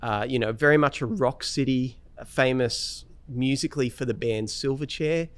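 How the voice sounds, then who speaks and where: A man with an Australian accent tells stories in a relaxed, rambling interview style. His voice is smooth and resonant at a middle pitch. The sound is dry and close to the mic. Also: normal speed, dry recording. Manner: relaxed storytelling with many fillers and restarts. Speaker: guest guitarist. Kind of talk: casual interview chat.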